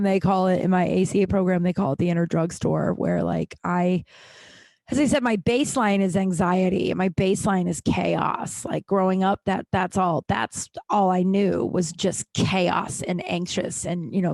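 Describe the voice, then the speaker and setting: A woman's voice: fairly low pitch, a little mellow, no room sound, studio quality. A woman hosting her own podcast, talking frankly and ramblingly with many restarts and casual swearing. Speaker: podcast host. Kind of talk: candid solo podcast monologue.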